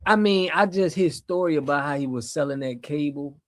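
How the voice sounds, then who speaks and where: A man hosting a casual livestream chat on a video call, relaxed and full of slang. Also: fairly high pitch, a little fast. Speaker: host.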